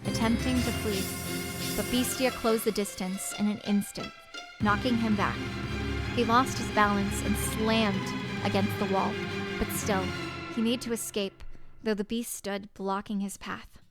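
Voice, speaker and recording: Slow-talking young woman streamer, hoarse. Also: medium pitch, loud music behind the voice. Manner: expressive, reacts with laughs and exclamations. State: hoarse, strained voice. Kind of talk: visual novel reading and commentary.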